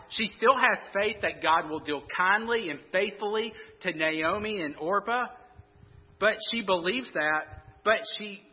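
A man's voice: high-pitched, husky. A man preaching a sermon, conversational and repeating words as he thinks aloud. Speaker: pastor. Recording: muffled sound in a reverberant hall.

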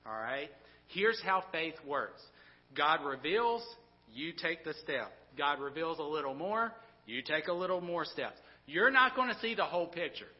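A man in his thirties, a pastor preaching a sermon in a conversational, animated storytelling way with many restarts. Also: fairly high pitch, normal speed. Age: 30s. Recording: dull sound with long hall reverb.

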